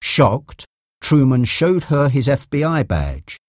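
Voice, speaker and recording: A man narrating a chapter of an audiobook in a steady storytelling manner. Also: medium pitch, unhurried, no room sound, clean studio sound. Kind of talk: scripted narration.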